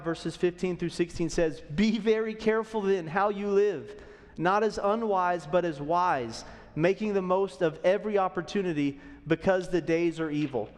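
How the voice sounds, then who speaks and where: During a sermon in a church auditorium, a man in his thirties preaches as pastor in a high-pitched voice with a big-room sound. He is conversational and often checks in with those listening.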